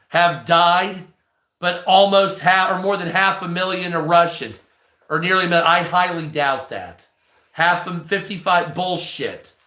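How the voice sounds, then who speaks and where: A man's voice: high-pitched, pushed and bright. A man hosting a casual livestream news commentary, blunt and opinionated, with frequent ums. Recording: roomy echo.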